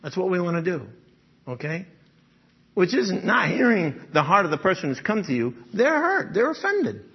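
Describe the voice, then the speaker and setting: A man's voice: high-pitched, big pitch swings, moderate pace, husky, muffled recording. A man preaching a sermon in a conversational way, often checking in with "okay?" and "right?" and chuckling as he talks. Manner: chuckles often while speaking. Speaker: pastor.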